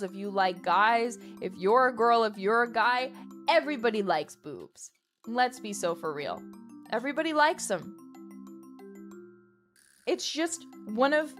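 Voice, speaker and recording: A woman livestreamer rambling playfully and loudly to her chat. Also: medium pitch.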